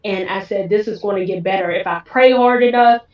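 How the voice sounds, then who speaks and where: A woman's voice: mid-range voice, fairly quick. Woman telling a story in a roomy, distant room. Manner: emotional, acts out quoted dialogue. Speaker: guest telling her story. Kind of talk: personal storytelling interview. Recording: roomy, distant, dull sound.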